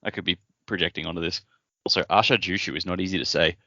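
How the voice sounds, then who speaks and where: A man co-hosting a casual book podcast, making relaxed joking asides. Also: low-pitched, fast, dry recording, dull audio. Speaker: podcast co-host.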